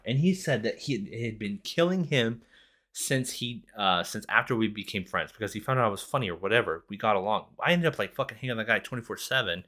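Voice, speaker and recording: Low-voiced young man, rambling and profane. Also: animated, normal speed, bright, forceful tone. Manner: rambling, profane, self-mocking. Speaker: podcast host. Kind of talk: casual solo storytelling.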